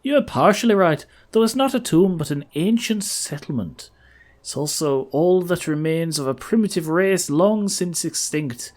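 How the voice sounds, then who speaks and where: A man's voice: a little high, lightly acted. A man voicing an eager old male archaeologist in a put-on Irish accent. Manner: animated, eager, chatty.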